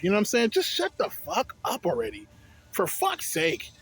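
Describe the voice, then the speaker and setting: A man's voice: high voice, wildly swooping pitch, a little fast, husky, faint music behind. A young man casually reviewing a vape on his vlog, rambling and swearing through digressions. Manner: profane, rambling, digressive storytelling.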